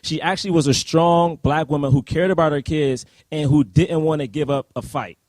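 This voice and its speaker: High-voiced, animated man, rambling. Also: normal speed, no room sound. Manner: animated, rambling, many "like"s and laughs. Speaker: podcast co-host. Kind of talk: live podcast film discussion. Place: live event at a university.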